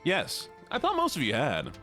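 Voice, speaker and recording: A man's voice: on the high side, normal speed, soft background music. A man streaming live, chatting playfully and teasing his viewers. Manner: playful, excitable, teasing chat. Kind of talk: casual live-stream chat.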